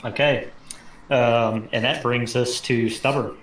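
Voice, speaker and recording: A man's voice: mid-range voice, fairly even intonation, takes it slowly, a bit bright, slight background noise. A man running a tabletop game as game master, giving brief, affirming replies. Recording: echoey room.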